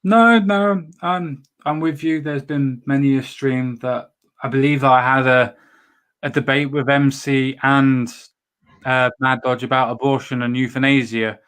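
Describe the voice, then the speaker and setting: A man hosts a loose, casual chat, at an ordinary middle pitch. He swears freely and trips over his own words, starting phrases again and again. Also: steady tone, measured pace, fairly bright tone, clean tone. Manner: swears freely, talks in restarts. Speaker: show host.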